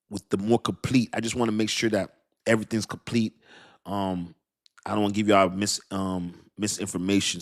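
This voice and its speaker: Laughing, slangy male livestream host. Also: on the low side. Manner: animated, slangy, laughs often, talks to chat. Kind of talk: casual livestream commentary.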